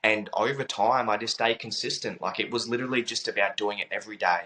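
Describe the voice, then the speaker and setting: A man's voice: on the low side, quick pace, bright, forceful tone, low-quality recording. A young man telling a personal story as an interview guest, earnest and reflective, repeating phrases and using many fillers.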